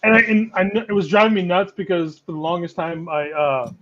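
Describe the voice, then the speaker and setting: A laid-back man co-hosting a fan podcast, his voice a touch high for a man. He rambles easily and chuckles along, and his audio comes through dull and lo-fi. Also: a little fast. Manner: relaxed, rambling, laughs easily. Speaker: podcast co-host. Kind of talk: casual fan podcast chat.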